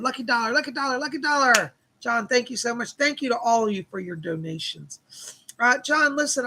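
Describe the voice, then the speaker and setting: A male psychic host giving live readings with a gravelly, husky edge and a bright, forward tone. He passes along spirit messages, repeating "she said" as he goes, and stops to thank viewers for their donations. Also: high-pitched, poor audio.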